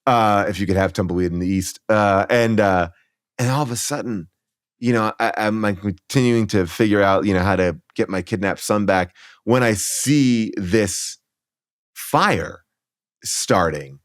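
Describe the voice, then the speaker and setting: A man's voice: on the low side, measured pace, no room sound, clean studio sound. A man in his forties, a podcast guest, telling a funny childhood story with lots of fillers and restarts, acting out his own lines. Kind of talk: comic storytelling.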